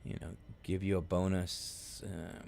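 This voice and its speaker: Gravelly low-voiced man rambling. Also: little pitch movement, unhurried, a little mellow, slight background noise. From United States. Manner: rambling, laid-back, many fillers. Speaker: game streamer. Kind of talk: casual live-stream chat while gaming.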